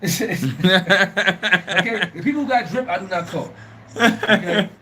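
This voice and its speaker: A Liberian-born man hosting a casual street talk show, animated and emphatic, laughing often and using a lot of slang. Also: sits high, measured pace, distant mic, slight background noise. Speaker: show host.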